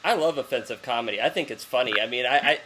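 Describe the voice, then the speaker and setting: A man's voice: medium pitch, fast, sharp tone. Joking male interviewer over faint hiss. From German heritage. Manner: joking, laughs often. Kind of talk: casual interview chat.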